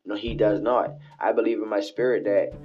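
A man with a lowish voice rambles through a solo late-night podcast, preaching and repeating himself as he goes. The recording is dull and lo-fi, made in a home bathroom with faint music behind him. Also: fairly even intonation, normal speed. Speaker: podcast host.

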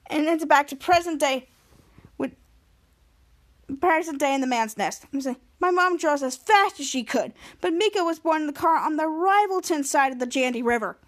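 A high-pitched woman hosting a casual podcast. She retells a TV episode with excitement and jumps into the characters' lines as she goes. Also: normal speed. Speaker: podcast host.

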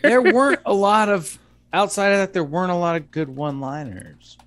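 A man's voice: high-pitched, fairly quick, a bit bright, no room sound. A man co-hosting a movie podcast, making wry asides and laughing as he talks. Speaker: podcast co-host. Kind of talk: casual movie review chat.

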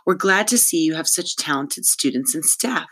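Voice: mid-range voice, expressive, normal speed, vocal fry, fairly bright tone, slightly rough, full character voice. An audiobook narrator voicing a sinister woman with a tinkling voice. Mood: falsely sweet.

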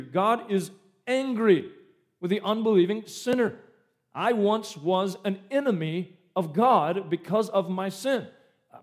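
Male pastor, sermon delivery, high-pitched and emphatic. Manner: emphatic preaching with dramatic shifts in pace and loudness.

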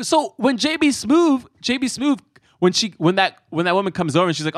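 A man co-hosting a podcast in casual chat, animated and quoting scenes in excited voices. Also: extremely high pitch, fairly quick, no echo, clean studio sound. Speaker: podcast co-host.

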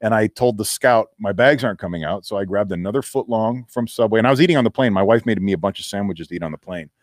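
A man's voice: on the low side, fast talker, dry recording, clean studio sound. A middle-aged man, a former football player, telling a story in a casual interview and acting out the voices he quotes.

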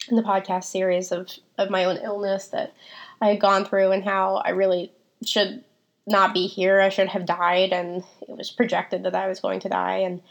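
A woman hosts a faith podcast, speaking in a reflective and personal way. She pauses on ums and restarts her sentences as she works through scripture and her own experience. Her voice sits at an ordinary middle pitch for a woman. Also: vocal fry. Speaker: podcast host.

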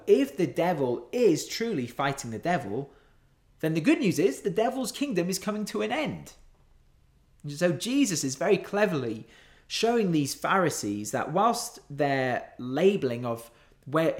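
A man preaching a sermon in an earnest, emphatic way, stretching out key words for weight. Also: on the high side.

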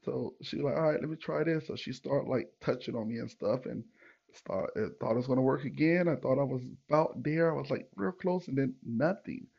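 A young man hosting a podcast tells his listeners a rambling personal story full of fillers and asides. His mid-range voice is a little fast, creaky, and husky, with the highs cut off.

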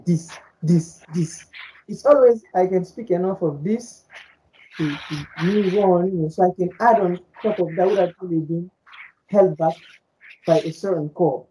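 Soft-toned rambling woman, native Fulani. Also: lowish voice, slight background noise, rough recording. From French-speaking Africa. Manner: rambling, many repeated words and fillers. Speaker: podcast co-host. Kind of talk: casual chat.

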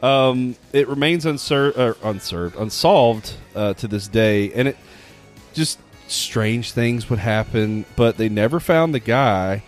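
A man's voice: mid-range voice, animated, takes it slowly, faint music behind. A man co-hosting a podcast, telling a story casually with plenty of fillers. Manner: storytelling, chatty, hesitant with fillers. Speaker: podcast co-host. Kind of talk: casual chat.

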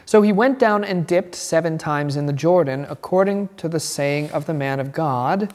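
Male catechism teacher, lively and chatty, quizzing the class, in a reverberant room. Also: on the high side, moderate pace, hardly any pauses. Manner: animated, chatty, asks the class questions and laughs. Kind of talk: bible class lesson.

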